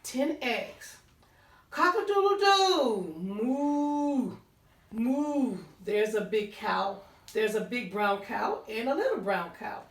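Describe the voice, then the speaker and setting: A woman reading a picture book aloud to children, pausing to point out pictures and count along. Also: medium pitch, expressive, vocal fry. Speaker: storytime reader. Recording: roomy sound, voice distant from the mic.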